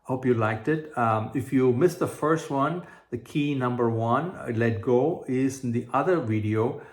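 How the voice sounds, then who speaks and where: A man of ordinary pitch talks through a motivational self-help lesson in an earnest, repetitive way. He leans on simple everyday examples and stumbles into fillers and restarts. His voice carries a roomy echo. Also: unhurried. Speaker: manifestation coach.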